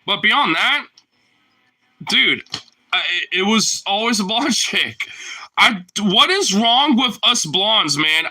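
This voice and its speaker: A man talking in a casual, rambling monologue, slangy and profane and full of fillers, moving between loud outbursts and low mutters. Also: big pitch swings, slow, breathy edge, poor audio.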